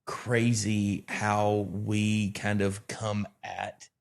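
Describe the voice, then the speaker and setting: A man from Alabama, a pastor in casual conversation who rambles and tells animated stories with self-deprecating humor. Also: on the low side, very slow, creaky. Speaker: pastor and podcast co-host.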